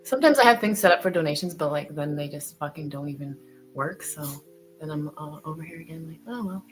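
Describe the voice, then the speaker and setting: A woman co-hosting a casual stream, animated as she tells her story, swearing often and acting out her own lines. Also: sits low, quick pace, faint music behind, low-quality recording. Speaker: stream co-host. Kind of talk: casual chat.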